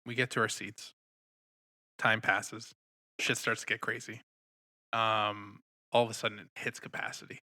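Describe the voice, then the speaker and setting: A man co-hosting a casual podcast chat, an animated storyteller who swears freely. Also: lowish voice, normal speed, pauses often, no echo, clean studio sound. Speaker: podcast co-host.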